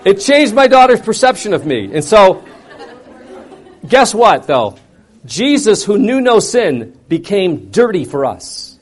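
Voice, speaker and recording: Animated man telling a sermon story. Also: high-pitched, measured pace, some chatter behind. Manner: animated storyteller with wide swings in loudness. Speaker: preacher.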